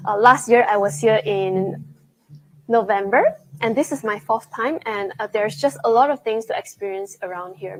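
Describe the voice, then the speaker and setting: A young woman with a slightly high voice hosts a live travel stream from a restaurant table, chatty and easily excited as she tastes each dish. A faint ambient hiss sits under her voice. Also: rough recording. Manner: chatty and excitable, with frequent gasps and laughs. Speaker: travel show host. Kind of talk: live-streamed travel vlog, tasting food on camera. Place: indoors at a restaurant.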